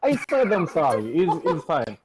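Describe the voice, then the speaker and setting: A man voicing a clumsy young male necromancer wizard who keeps apologizing in a high, panicky voice. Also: huge pitch swings, moderate pace, crowd noise. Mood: flustered.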